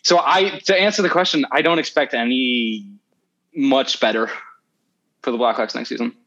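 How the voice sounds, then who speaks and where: A man's voice: medium pitch, normal speed, a bit bright. A man co-hosting a podcast in casual chat, hesitant with many ums and restarts. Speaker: podcast co-host. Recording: slightly dull lo-fi audio.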